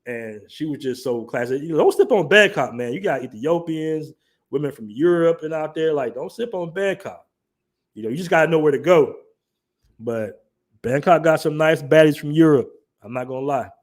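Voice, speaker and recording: A man's voice: a little high, lively intonation, moderate pace. A man in his forties hosting a livestream, talking casually in slang and joking with his chat. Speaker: livestream host.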